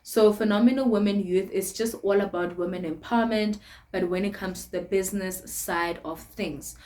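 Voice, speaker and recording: A woman's voice: mid-range voice, fairly even intonation, moderate pace, darkish tone. A young woman with a South African accent chatting casually to camera in a sit-down vlog, laughing often between phrases. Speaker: vlogger.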